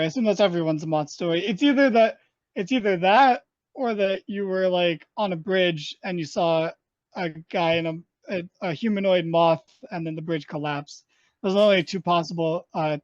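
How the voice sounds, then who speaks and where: A man's voice: high voice, normal speed, no room sound. A man co-hosting a podcast in casual chat, rambling and joking with lots of fillers and restarts. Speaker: podcast co-host. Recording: dull, dry, lo-fi sound.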